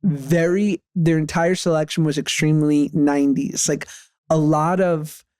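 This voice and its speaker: A man's voice: a little high, steady tone, a little slow, a little mellow, clean tone, dry recording, clean studio sound. A man in his thirties telling casual anecdotes on a podcast, often laughing through his stories. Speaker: podcast co-host. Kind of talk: casual chat.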